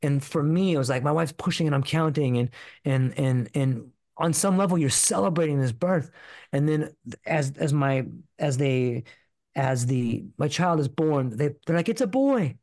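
A man's voice: on the high side, normal speed, darkish tone, no room sound. Earnest man telling a personal story. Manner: earnest, profane, repetitive, full of fillers. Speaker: podcast guest.

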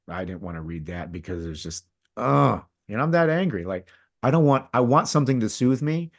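A middle-aged man telling a personal story as a podcast guest, candid and rambling, his voice dropping to a hush and rising again. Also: on the low side. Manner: candid, rambling, swings between loud and hushed. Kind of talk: casual storytelling.

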